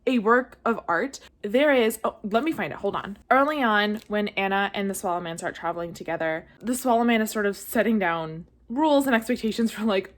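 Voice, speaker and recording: A woman reviewing books in a casual vlog, chatty and gushing, with lots of "like" fillers, getting emotional to the point of near tears. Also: mid-range voice. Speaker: book reviewer. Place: at home, leaning on a blanket.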